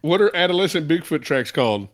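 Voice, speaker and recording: A man's voice: on the high side, lively intonation, fast talker, no echo. A man co-hosting a casual movie podcast, telling corny jokes in a dry, joking manner. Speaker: podcast co-host. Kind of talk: casual movie review chat.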